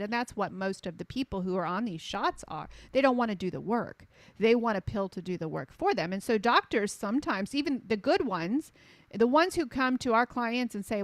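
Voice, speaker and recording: A woman's voice: fairly high pitch, normal speed, no room sound. A middle-aged woman, a health coach talking with passion. She hammers points home by repeating them and acts out quotes as she tells stories. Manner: emphatic, repeats phrases for punch; animated storyteller acting out quotes. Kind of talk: impassioned conversational advocacy.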